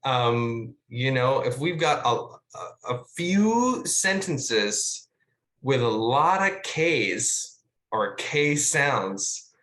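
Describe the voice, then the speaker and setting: A man, a guest actor, chatting casually about his craft in an animated, rambling way with plenty of fillers and the odd swear word, over a video call. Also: medium pitch, drawn-out words, echoey room. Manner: animated, rambling storyteller with filler words and profanity. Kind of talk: casual conversational teaching.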